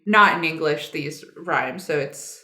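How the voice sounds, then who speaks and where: A woman with a low, bright, pushed voice talks unhurriedly while co-hosting a podcast. In casual chat, she reads facts from a web page as she goes. The recording has a roomy echo.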